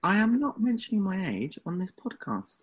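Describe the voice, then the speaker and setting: Animated, husky Essex man. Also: high voice, normal speed. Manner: camp, teasing, dramatic protests. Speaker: podcast co-host. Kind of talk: casual chat.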